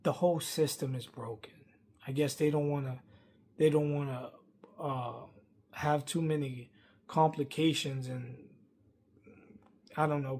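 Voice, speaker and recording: A man, venting a rambling workplace story to camera, swinging from loud outbursts to muttering. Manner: heated, rambling, acts out quotes loudly then drops low.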